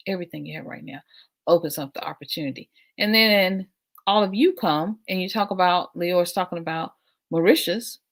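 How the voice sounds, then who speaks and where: A woman's voice: on the low side, creaky. A middle-aged woman from the United States hosting a casual livestream, affirming and repetitive, often laughing. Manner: warm, affirming, repeats phrases, laughs often. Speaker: livestream host.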